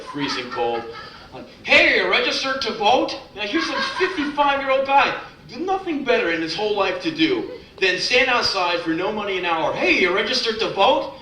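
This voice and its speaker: Man, young, spoken-word performer, profane comic storytelling, sharp forceful voice, echoey live club, a bit off mic. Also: fairly high pitch, a little hiss or hum. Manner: profane, comic, shouts during mock rants. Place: club stage before a live audience. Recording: roomy club live recording from a distance.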